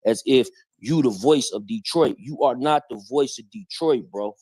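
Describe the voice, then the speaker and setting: A man hosts a live stream and picks apart claims in blunt, confrontational street slang. His voice sits at an everyday pitch. The sound is dry, with no room echo. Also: moderate pace, a little mellow, husky. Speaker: stream host. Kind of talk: heated live-stream commentary.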